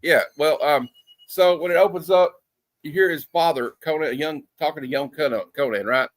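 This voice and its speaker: A man's voice: on the high side, moderate pace, no echo. Dry-voiced man rambling through a film review. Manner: rambling storyteller, many fillers and restarts. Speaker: movie review host. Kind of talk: casual movie review chat. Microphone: streaming setup.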